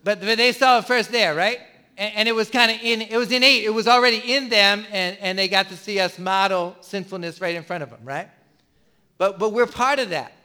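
A man's voice: high voice, brisk, bright, forceful tone, clear, resonant tone. A middle-aged man preaching a sermon earnestly, often repeating phrases and restarting his words. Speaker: pastor.

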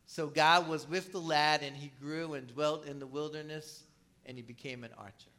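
A man's voice: a little high, steady tone, moderate pace, sharp tone. A man preaching a sermon in a conversational way, with rhetorical questions and asides to the congregation. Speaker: pastor.

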